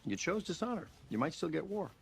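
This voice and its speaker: Film clip: a cool, slightly high-voiced man with a quiet, dry put-down. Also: big pitch swings, brisk, vocal fry, slightly rough, full character voice. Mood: dry rebuke.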